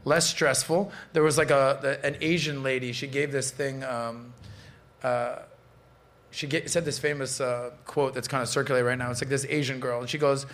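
A man's voice: medium pitch, steady tone, normal speed, a bit bright. A man around forty hosting a podcast, brash, joking and profane in casual chat. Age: late 30s to early 40s. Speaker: podcast host.

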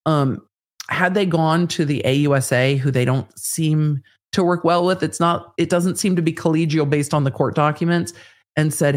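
A woman legal commentator giving analysis as an interview guest, measured and thinking aloud with fillers. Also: sits low, steady tone.

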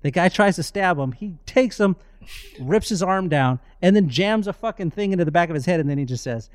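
A man co-hosting a podcast, telling stories excitedly and swearing freely in casual chat. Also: on the high side, fairly quick, dry recording, clean studio sound. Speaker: podcast co-host.

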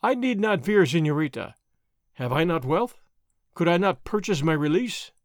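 A man's voice: on the high side, lively intonation, normal speed, no echo, studio quality. A man reading aloud as a languid, mocking young Spanish nobleman, in an old adventure storybook, with a drawling, idle delivery.

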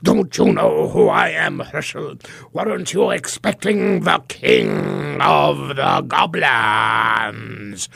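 A man voicing a menacing goblin king in a read-aloud storybook, speaking slowly and with looming threat. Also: medium pitch, wildly swooping pitch, creaky, bright, forceful tone, no echo, clean studio sound, exaggerated voice. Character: menacing male goblin king, deep and slow.

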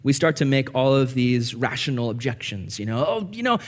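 A young man preaching a sermon, earnest and animated as he tells stories. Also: mid-range voice, moderate pace. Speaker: pastor.

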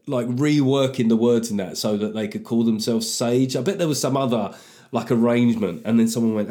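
A man's voice: medium pitch, a little fast, dark tone. A man hosting a comedy podcast, delivering a sardonic, sweary comic monologue.

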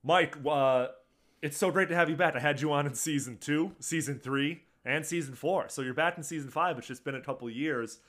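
A man hosting a casual podcast chat over a video call, easygoing and quick to laugh. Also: on the high side, a bit bright. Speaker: podcast host.

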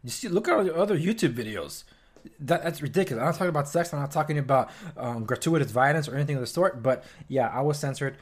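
A young man hosting a solo news podcast, talking in an animated, ranting way with sarcastic asides. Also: on the high side, fast talker. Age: young adult. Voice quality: chewing while talking at times. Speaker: podcast host.

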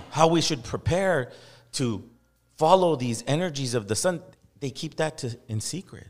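A man's voice: lowish voice, creaky. A man hosting a podcast, ranting with passion and profanity and voicing mock quotes to make his point. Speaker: podcast host. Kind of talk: heated podcast discussion. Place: podcast studio.

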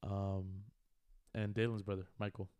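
A man's voice: sits low, little pitch movement, unhurried, a little mellow, clear, resonant tone, dry recording. A man in his twenties co-hosting a podcast, telling a long story in a laid-back way, full of slang and fillers. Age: 20s. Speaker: podcast co-host. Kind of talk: casual chat.

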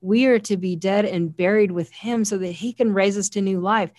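As an interview guest, a woman shares an earnest, heartfelt testimony of faith and quotes scripture often. Her medium-pitched voice is a little mellow, with fairly even intonation and a moderate pace. The recording is dry and of studio quality.

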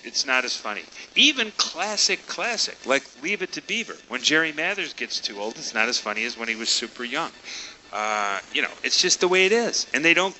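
A man's voice: mid-range voice, pushed and bright, slight background noise, low-quality recording. A man on a podcast making an emphatic, opinionated point in casual chat. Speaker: podcast co-host. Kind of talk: casual chat about old TV shows.

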